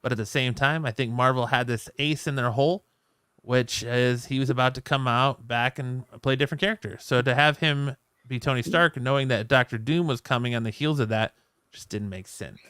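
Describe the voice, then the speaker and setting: A man co-hosting a pop culture podcast, talking excitedly and swearing freely. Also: medium pitch, a little fast, clean tone, dry recording, clean studio sound. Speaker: podcast co-host. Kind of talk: casual chat.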